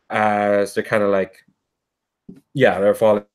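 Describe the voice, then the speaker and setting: A man's voice: on the low side, little pitch movement, moderate pace. A man narrating as a tabletop game master, rambling and filling with "kinda" and "like".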